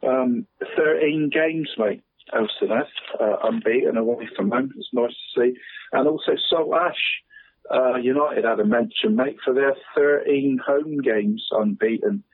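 A man's voice: mid-range voice, a little slow, husky, dry recording. Chatty man on a tinny phone line. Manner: chatty, says "mate" constantly, chuckles often. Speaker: football pundit on local radio. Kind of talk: casual phone-in chat.

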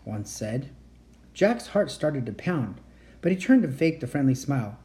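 Someone at home reads a children's chapter book aloud in a dark, mellow voice at a moderate pace. The pitch swings widely as the story goes on, with the occasional slip and restart.

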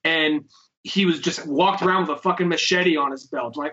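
A man's voice: fairly high pitch, moderate pace, pushed and bright, muffled recording, slight background noise. A man hosting a podcast, telling rambling, profane stories in casual chat. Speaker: podcast host.

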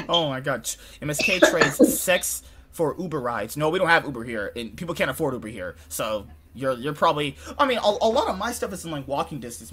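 A man's voice: on the high side, sharp tone. A young man from California hosting a podcast, rambling and joking in casual chat, often breaking into laughter. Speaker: podcast host.

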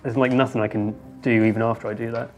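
A man playing a tabletop game, thinking aloud and getting excited about his moves. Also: mid-range voice, fast, faint music behind. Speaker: player. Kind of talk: casual tabletop play.

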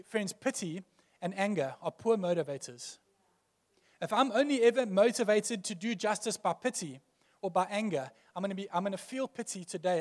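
A man's voice: high-pitched, in a large hall. A male pastor preaching a sermon earnestly, building emphasis through repeated phrases.

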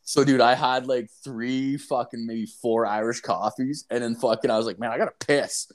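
A man's voice: mid-range voice, normal speed. Give me a man telling a loose, profane story, rambling with lots of "like" and "dude" and acting out quoted lines. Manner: animated, acts out quoted lines. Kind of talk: casual storytelling chat.

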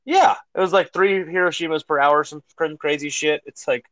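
A man's voice: fairly high pitch, normal speed, no echo, poor audio. A man in his thirties co-hosting a casual podcast chat, swearing freely and acting out quotes as he retells things. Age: 30s. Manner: profane, animated retelling with acted-out quotes. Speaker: podcast co-host.

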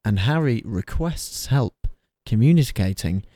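A man's voice: medium pitch, lively intonation, unhurried, mellow. A man casually recapping a film with friends, laughing often and hesitating with many fillers. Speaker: podcast co-host recapping a film. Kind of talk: casual chat.

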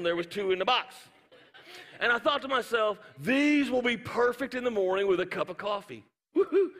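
High, bright-voiced pastor preaching with humor. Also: male voice, big-room sound. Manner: humorous storytelling, animated asides. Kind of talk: sermon. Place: church auditorium.

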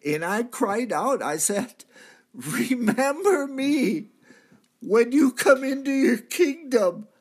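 Man acting as a repentant crucified thief, church drama monologue, husky voice, slightly high pitch, earnest. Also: expressive, slow, long pauses, exaggerated voice. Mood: moved. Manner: earnest storytelling, swelling to cries at key moments. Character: repentant male thief, crucified, now redeemed.

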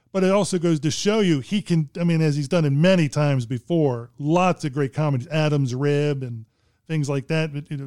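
A man's voice: a little high, darkish tone, no echo, studio quality. A man co-hosting a casual film chat, rambling and hesitant, with many restarts. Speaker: podcast co-host discussing films.

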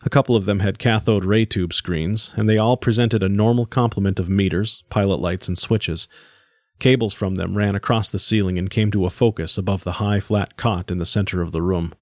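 A man reading a science fiction story aloud in steady scripted narration. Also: fairly low pitch, moderate pace, dry recording, clean studio sound. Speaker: audiobook narrator.

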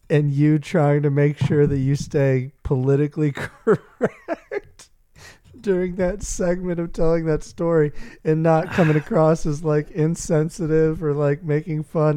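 Mellow-voiced man in a casual podcast chat. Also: on the high side, clear, resonant tone, dry recording, clean studio sound. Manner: laughing, explaining himself carefully. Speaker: podcast co-host.

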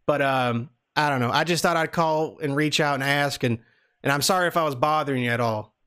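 A man's voice: a little high, a little fast, bright, forceful tone, smooth. A man voicing a lonely Southern country guy who stammers and rambles on a prank phone call. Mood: rambling. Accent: American Southern (put on). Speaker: prank caller.

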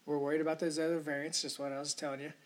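A man's voice: a little high, level tone, rapid-fire. A man hosting a podcast, delivering a rambling, indignant solo rant full of profanity. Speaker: podcast host. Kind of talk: ranting solo podcast monologue.

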